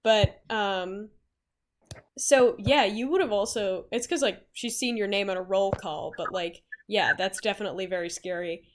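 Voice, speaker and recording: A woman's voice: medium pitch, moderate pace, slight background noise. A woman running a tabletop game, rambling and full of fillers. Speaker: game master. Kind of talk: casual tabletop game chat.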